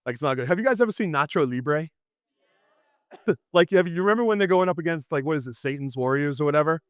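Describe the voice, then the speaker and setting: A man teaching apologetics to a class, lively and storytelling, often restarting his sentences. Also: on the high side, fast talker, clear, resonant tone, no echo, clean studio sound. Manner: animated, storytelling, frequent restarts and laughs. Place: classroom with students.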